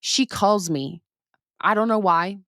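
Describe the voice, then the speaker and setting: A young woman hosting a podcast, telling a story in a casual, animated way, swearing freely and acting out her own reactions. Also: medium pitch, slow pace, no echo, studio quality. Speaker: podcast host.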